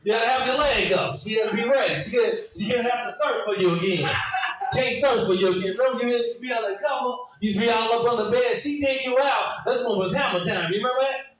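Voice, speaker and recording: Stand-up comedian with a high, shouty, animated delivery, echoey club sound from off mic. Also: male voice, fast talker, recorded from a distance, crowd noise. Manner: animated, shouting, leaps between high put-on voices. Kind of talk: stand-up set.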